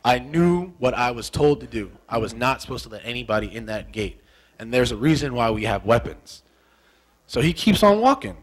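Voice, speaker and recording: A man's voice: medium pitch, big pitch swings, normal speed, low-quality recording. A young American man, a former soldier, telling a story in an interview. He talks animatedly, repeats phrases for effect, and acts out the dialogue he remembers.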